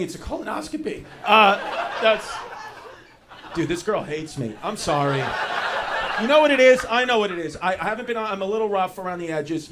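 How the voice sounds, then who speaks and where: A male stand-up comedian doing loose, rambling crowd work in a comedy club, saying "dude" a lot. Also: fairly high pitch. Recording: noisy live club recording.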